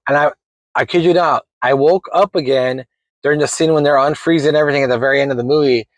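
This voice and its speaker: Man, 40s, slightly high voice, loose rambling storyteller, dry close sound. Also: fast talker, dry recording, poor audio. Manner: rambling, animated, laughs while telling. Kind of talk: casual personal storytelling.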